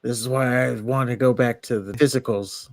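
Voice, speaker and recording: A man's voice: mid-range voice, fairly even intonation, normal speed, no echo. A man co-hosting a podcast, making wry, chuckling asides in casual chat. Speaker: podcast co-host.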